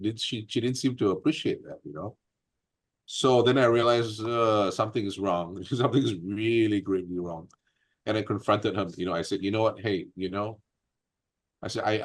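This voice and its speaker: A man as an interview guest, telling a personal story in an earnest, aggrieved way, full of fillers and restarts. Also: on the low side.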